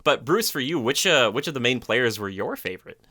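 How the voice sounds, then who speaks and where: A man hosting a podcast in casual chat, animated and acting out quotes in put-on voices. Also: medium pitch, a little fast, background noise. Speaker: podcast host. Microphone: remote call mic.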